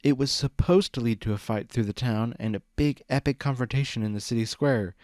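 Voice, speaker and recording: A man voicing an earnest, jittery young male dragon in a storybook reading, high and anxious. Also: fairly quick, a little mellow, no room sound, clean studio sound, close to an everyday voice.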